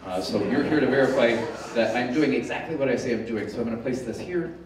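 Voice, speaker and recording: A man's voice: medium pitch, quick pace, far from the mic, a crowd in the background. A man from Denver performing a live mentalism act on a thrust stage, with dry, wisecracking asides and a conversational stage patter. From Denver, USA. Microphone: room pickup after his microphone failed. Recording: echoey theater from afar, music behind.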